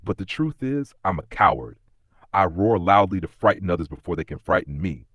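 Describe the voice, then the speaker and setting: A man's voice: deep voice, expressive, brisk, a bit bright, no echo, highs cut off. A man voicing a big male lion who is a coward, speaking in a sighing, ashamed way. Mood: sheepish. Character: timid, gloomy male lion.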